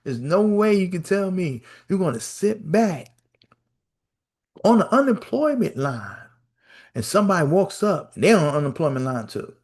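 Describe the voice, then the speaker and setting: A male podcast host telling a story in a casual, animated rant, repeating phrases and acting out quotes. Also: sits high, normal speed. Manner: animated storytelling with lots of repetition and acted-out quotes.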